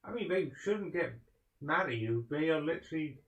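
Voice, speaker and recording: A woman's voice: sits low, expressive, normal speed, roomy sound. A British woman with an English accent, co-hosting a casual livestream chat in a playful, giggly way. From England. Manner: playful, laughs easily. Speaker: streaming co-host.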